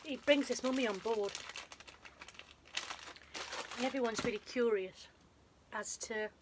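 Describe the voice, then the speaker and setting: A woman's voice: fairly high pitch, a little slow, background noise. A woman casually retelling a film's plot in a rambling, self-deprecating way, with a runny nose. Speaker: vlogger. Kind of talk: casual film recap.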